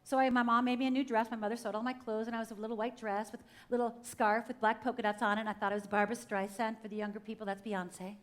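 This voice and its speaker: Pitched slightly high and level in tone, this woman talks quickly with hardly a pause, over a faint hiss or hum. She's a middle-aged guest speaker from Upper Michigan sharing her testimony from a church stage, speaking straight to listeners and performing the quotes in her tale.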